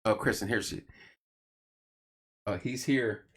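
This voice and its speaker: Middle-aged male host, lowish voice, chatty and animated, does quick voices for people in his stories. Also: breathy edge. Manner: animated storyteller, acts out quoted voices. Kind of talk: casual late-night chat.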